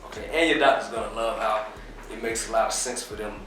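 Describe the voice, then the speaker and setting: A man being interviewed, explaining his business in a relaxed, casual way with plenty of fillers. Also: lowish voice, fast, far from the mic, a little hiss or hum. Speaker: interview guest, business owner. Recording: very echoey room, off mic.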